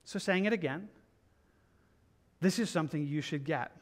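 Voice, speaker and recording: A man with a slightly high voice preaches through a Bible passage. He talks in an earnest, conversational way, restarting and repeating phrases as he pleads with his listeners. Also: normal speed. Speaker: pastor. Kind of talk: verse-by-verse Bible teaching.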